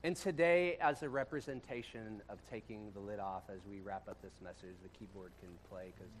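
Low-voiced pastor preaching with loud bursts. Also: male voice, fairly even intonation, fairly quick, slight background noise. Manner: conversational, with sudden loud bursts and quiet drops. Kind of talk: casual storytelling sermon. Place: church room with a congregation.

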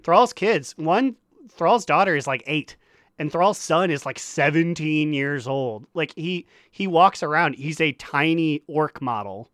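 A man co-hosting a casual gaming podcast, telling a story with lively energy and acting out characters' lines. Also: on the high side, a little slow, no echo, studio quality. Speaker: podcast co-host.

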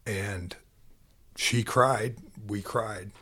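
A law enforcement officer, interviewed as a guest, tells an emotional first-hand story in a low, husky male voice. He speaks haltingly and repeats words, staying quiet and heavy until he grows animated and louder.

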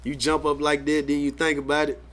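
A man's voice: a little high, monotone, a little fast, a bit bright. A young man co-hosting a casual chat, laid-back, swearing freely and acting out groggy mornings. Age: young adult. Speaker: podcast co-host.

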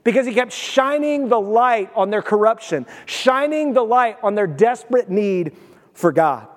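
A man's voice: high-pitched, expressive, a little slow, big-room sound. A male pastor preaching a sermon in an emphatic, conversational way with casual asides.

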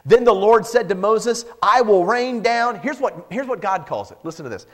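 A male pastor preaching a lively sermon, joking and acting out the people in the Bible story. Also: high voice, brisk, husky. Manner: animated, joking, acts out Bible characters.

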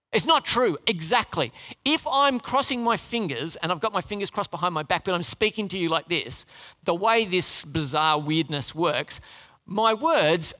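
Male pastor, high lively delivery, bright tone, sermon in a reverberant hall. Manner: animated, conversational preaching with audience questions.

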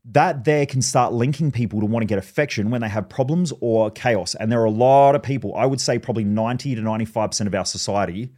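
A man hosts a solo podcast, talking bluntly with casual swearing. He tells his stories in an animated, conversational way. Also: mid-range voice, quick pace, hardly any pauses. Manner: blunt, profane, animated storytelling. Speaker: podcast host. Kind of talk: podcast monologue.

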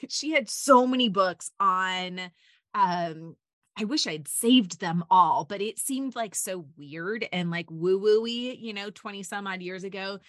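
A woman's voice: medium pitch, no room sound, studio quality. A middle-aged woman hosting a faith-based podcast, chatty and enthusiastic, rambling off on tangents. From United States. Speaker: podcast host.

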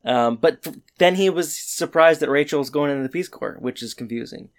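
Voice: medium pitch, brisk. A co-host in a casual podcast chat, loosely recapping a sitcom episode and moving things along. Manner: loose, chatty, moves the recap along with "so anyway".

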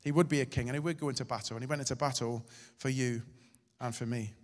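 A male pastor preaching a sermon, swinging between loud and hushed delivery. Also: medium pitch, steady tone, fast. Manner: dramatic, shifting loud and soft. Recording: hall reverb.

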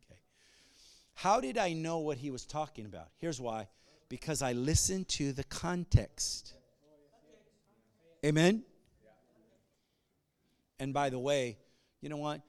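A man preaches a sermon in a slightly raised voice. He talks to the congregation in casual asides, restarts his thoughts, and then pushes into loud call-and-response moments. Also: on the high side, expressive, slow, long pauses. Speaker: pastor.

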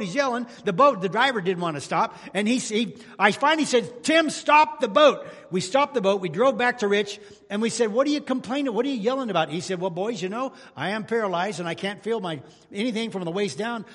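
A pastor preaching a sermon to his congregation, telling folksy stories and rising to loud exclamations. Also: sits high. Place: church sanctuary. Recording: long hall reverb in church.

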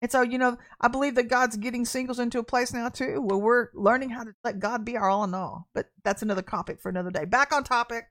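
A woman's voice: on the high side, fairly even intonation, fast, hardly any pauses, a bit bright. A middle-aged woman hosting a livestreamed prophetic podcast, talking bluntly and animatedly, laughing at herself and repeating phrases for emphasis.

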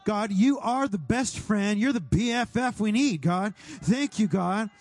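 A pastor leading a fervent prayer over his congregation, speaking directly to God and sometimes rising to a shout. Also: sits high, animated, measured pace, faint music behind. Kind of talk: sermon prayer.

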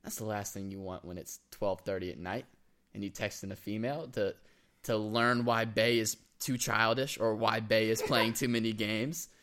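A man's voice: lowish voice, steady tone, moderate pace, a bit bright. A young man co-hosting a casual comedic chat, joking and acting out text messages in quoted voices. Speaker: co-host. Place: indoor room with laptop.

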